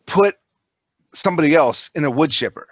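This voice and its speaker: A man's voice: on the high side, expressive, moderate pace, no room sound. A man co-hosting a podcast, rambling in casual chat, swearing a lot and restarting his sentences. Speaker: podcast co-host.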